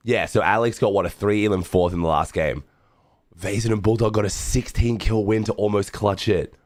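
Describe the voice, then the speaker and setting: A young Australian man with a hoarse, rough low voice, talking loosely to his stream chat while he watches. He swears offhandedly and keeps the tone laid-back. The sound is close and dry. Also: no echo. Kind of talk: casual livestream watch-along commentary.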